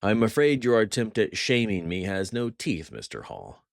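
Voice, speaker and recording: A man's voice: lowish voice, huge pitch swings, normal speed, gravelly, no echo, clean studio sound, pitched above the performer's own voice, full character voice. A man putting on a gloating French villain. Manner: mock-warm, theatrical, gloating. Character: jovial, cruel male French crime boss, middle-aged.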